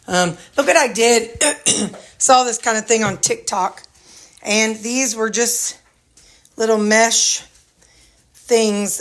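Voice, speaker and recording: A vlogger with a Missouri accent and a mid-range, fairly bright voice gives a loose, chatty tour of her own house, speaking into a handheld phone indoors. She rambles along, pausing to talk sweetly to her dogs.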